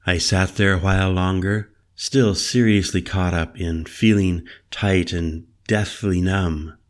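Male audiobook narrator, very low voice, unhurried first-person storytelling. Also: fairly even intonation. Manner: measured, introspective.

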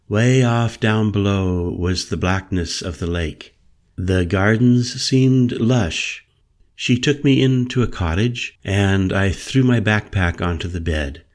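A man narrating a first-person story in a measured, calm storytelling manner. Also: fairly low pitch. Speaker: audiobook narrator.

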